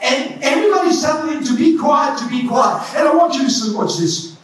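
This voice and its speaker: A man preaching a sermon, impassioned and often shouting. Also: very high voice, lively intonation, a little fast. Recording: echoey church hall from far off.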